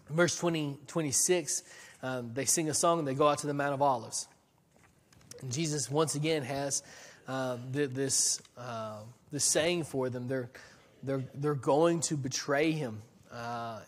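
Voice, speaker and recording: A man's voice: medium pitch, big-room sound. A man preaching a sermon in a church, talking in a conversational way with frequent restarts and rhetorical questions. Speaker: pastor.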